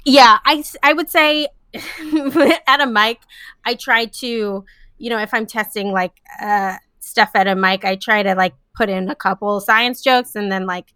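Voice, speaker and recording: A woman's voice: medium pitch, unhurried, sharp tone, clear, resonant tone, no room sound, studio quality. A young woman, a comedian and scientist, chatting casually in an interview with many fillers and frequent laughs. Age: young adult.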